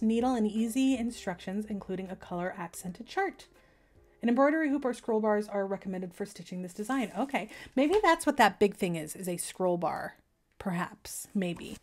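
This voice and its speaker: A young adult woman vlogging casually as she unboxes craft kits, gushing and gasping with excitement. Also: mid-range voice. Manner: gushing, excitable, gasps often. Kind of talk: unboxing chat.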